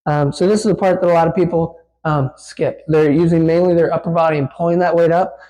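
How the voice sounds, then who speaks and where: A man with a fairly high voice talks through a barbell lift as he does it. He is a physical therapist giving a casual instructional demo in a gym, slightly breathless from the effort, with plenty of "um"s along the way. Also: fairly even intonation, fast, warm tone, poor audio. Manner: casual, explains while lifting, many fillers. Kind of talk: instructional demonstration.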